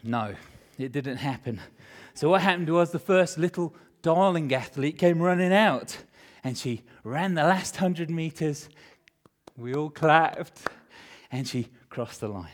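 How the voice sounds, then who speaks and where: A middle-aged male pastor preaching a sermon, telling a personal story with animated emotion, swinging between loud and hushed. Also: on the high side, unhurried.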